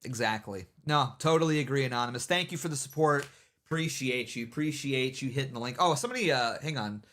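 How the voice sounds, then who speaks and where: Speaking quickly in a mid-range, somewhat bright voice, a man hosting a livestream offers loose, rambling commentary, makes fun of people, and keeps saying "you know what I mean."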